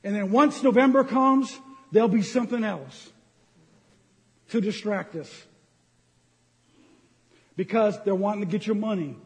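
High-voiced impassioned preacher man. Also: measured pace, long pauses. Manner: impassioned, ranting, jokey. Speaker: pastor. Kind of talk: sermon. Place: church sanctuary. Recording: long hall reverb.

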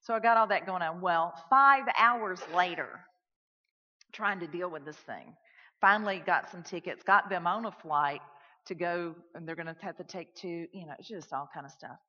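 A woman's voice: fairly low pitch, moderate pace. Woman preaching in an echoey hall. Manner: animated, swings from loud to hushed. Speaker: preacher telling a personal story. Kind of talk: sermon storytelling. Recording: echoey hall, dull lo-fi sound.

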